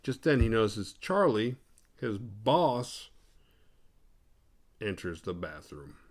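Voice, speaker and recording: A man's voice: lowish voice, big pitch swings, slow. A man hosting a podcast, recapping a horror movie casually with a lot of swearing and acting out the characters. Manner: profane, rambling, acts out the characters. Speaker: podcast host.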